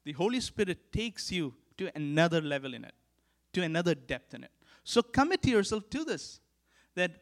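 A man preaching a sermon as pastor, earnest and repeating key lines for emphasis, swinging from emphatic calls to hushed, quiet stretches. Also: a little high, very animated, moderate pace.

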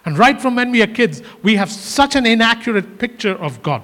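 A man's voice: extremely high pitch, big pitch swings, fairly quick, few pauses, fairly bright tone. A male pastor preaching a sermon in earnest, often repeating his phrases for emphasis. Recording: hall reverb.

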